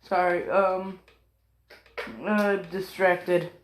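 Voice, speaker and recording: A woman's voice: fairly low pitch, level tone, drawn-out words, slight background noise. A woman narrating a story in a loose, rambling way, often apologizing, getting distracted and swearing casually. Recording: roomy echo.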